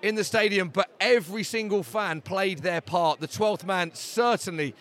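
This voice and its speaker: Excitable high-voiced English podcast host. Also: male voice, normal speed. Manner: breathless, emotional, calling questions over the noise. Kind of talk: excited on-the-street podcast interview. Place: outdoors by a stadium after a match.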